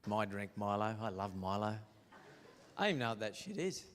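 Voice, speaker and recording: A man's voice: on the low side, sing-song, brisk, long reverb tail. Australian man telling crude stand-up stories. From Queensland, Australia. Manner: crude storytelling, mimicking his parents' voices. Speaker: stand-up comedian. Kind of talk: stand-up comedy routine.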